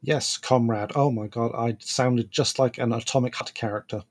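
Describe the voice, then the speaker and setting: A man's voice: medium pitch, steady tone, moderate pace. A man co-hosting a podcast in casual chat, laughing often and trailing off with fillers. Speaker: podcast co-host.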